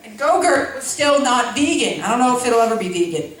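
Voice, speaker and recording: A woman's voice: a little high, big pitch swings, fairly quick. A woman doing stand-up comedy who rambles through a story with stumbling restarts and giggly asides. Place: school event hall. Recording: echoey hall, far from mic, noisy.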